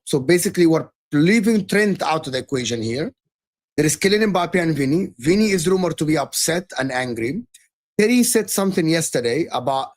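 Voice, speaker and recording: Man laying out a football argument. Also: a little high. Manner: lays out arguments, lists points. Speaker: football fan panelist. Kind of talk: casual debate chat.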